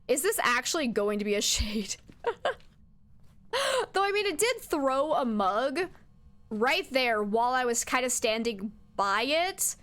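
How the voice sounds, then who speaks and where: A woman's voice: on the high side, lively intonation, unhurried, a bit bright. A young woman streaming a horror game, chatting to her viewers and talking back to the ghost with jumpy outbursts. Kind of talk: live game commentary.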